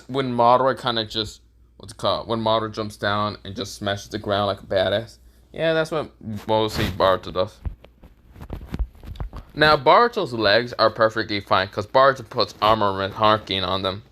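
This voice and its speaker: A man's voice: on the low side, normal speed, sharp tone, a little hiss or hum. A man casually telling a fan-made story, rambling, searching for words and laughing at his own jokes.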